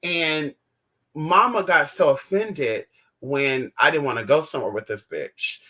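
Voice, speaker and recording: A man hosting a casual livestream, answering viewer chat in a sassy, animated way, calling his viewers honey and swearing freely. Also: fairly high pitch, unhurried. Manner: theatrical outbursts while retelling stories.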